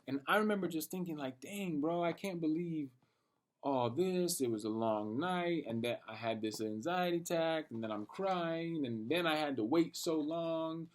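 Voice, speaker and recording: A young man with a slightly high voice rants through a late-night story. He rambles in an animated way, heavy on slang and profanity, often arguing with himself. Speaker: vlogger. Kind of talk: late-night personal rant.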